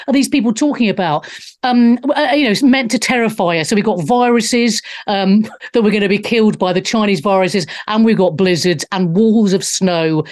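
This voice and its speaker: A woman hosting a talk show, chatting casually and animatedly with lots of fillers and restarts. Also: mid-range voice. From Wales. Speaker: host.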